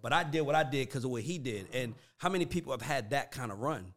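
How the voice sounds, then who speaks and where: A man in casual conversation, animated and profane, breaking into laughs as he talks. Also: medium pitch, fast.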